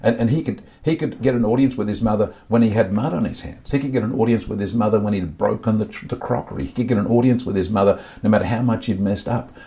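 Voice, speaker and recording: A middle-aged podcast guest opens up about his faith and inner life in an earnest, confessional way, frequently repeating words as he gropes for them. He talks fast with few pauses, in a lowish, dark voice.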